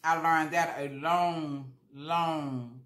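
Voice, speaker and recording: A woman's voice: deep voice, fairly even intonation, drawn-out words, a bit bright, echoey room. Chatty woman eating and talking. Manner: chatty, eats while talking, repeats herself for emphasis. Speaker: vlogger. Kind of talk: casual mukbang chat.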